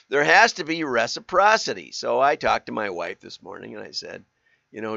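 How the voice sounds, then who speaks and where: A man's voice: mid-range voice, lively intonation, moderate pace, vocal fry, sharp tone, dry recording, dull audio. Chatty man hosting a livestream. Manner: chatty, laughs often, asks rhetorical questions. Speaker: livestream host. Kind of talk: casual livestream talk.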